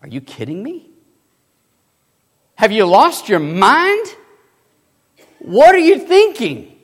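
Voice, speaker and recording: A man preacher voicing an indignant, resentful older brother who protests in a drawn-out, exasperated way. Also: on the high side, dark tone, slightly rough, big-room sound, full character voice.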